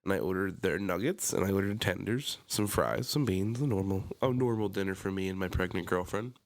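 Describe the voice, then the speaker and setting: A man co-hosting a casual podcast, telling stories in an animated way and acting out his own anger. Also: low-pitched, a little fast. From Pennsylvania. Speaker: podcast co-host. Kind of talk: casual chat.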